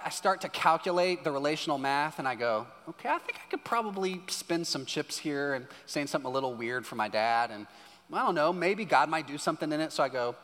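A man preaching a sermon as a pastor, telling a story with lively acted-out dialogue. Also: fairly high pitch. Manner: animated storytelling, acting out dialogue. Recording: hall reverb with faint music.

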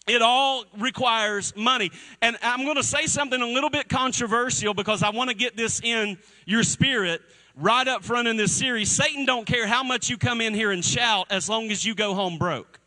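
Bright-voiced energetic male pastor. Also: very high voice, normal speed, rough recording. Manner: energetic, call-and-response preaching. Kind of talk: sermon. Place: church before a congregation.

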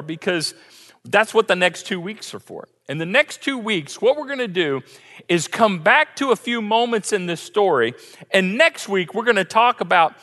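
A man preaching a sermon as pastor, telling a story with lively, acted-out quotes. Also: sits high, in a large hall. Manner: animated storytelling, acts out quotes. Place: church sanctuary.

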